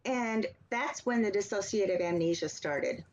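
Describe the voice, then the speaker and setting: A woman's voice: medium pitch, expressive, normal speed, a little mellow. Earnest woman telling her story, lo-fi. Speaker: author and interview guest. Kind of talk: personal testimony in an interview. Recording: slightly dull, lo-fi sound.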